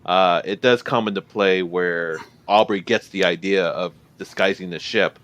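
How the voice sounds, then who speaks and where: A man co-hosting a podcast, chatting casually about a film and pausing often with filler sounds. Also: low voice, fairly even intonation, fairly bright tone. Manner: hesitant, many filler pauses. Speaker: podcast co-host. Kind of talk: casual movie discussion.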